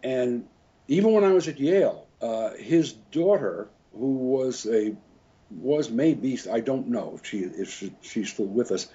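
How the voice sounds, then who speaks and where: A man's voice: medium pitch, animated, a little slow, mellow, breathy edge. An older man, a French horn player, telling rambling anecdotes in a casual interview, often chuckling and correcting himself. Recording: dull lo-fi recording.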